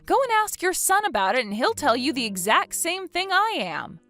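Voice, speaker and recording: A woman's voice: sits high, sing-song, moderate pace, soft background music. A woman voicing a fed-up young wife who works from home, snapping back in exasperation, in a text-story dramatization. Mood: exasperated. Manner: exasperated, angry, sharp retorts.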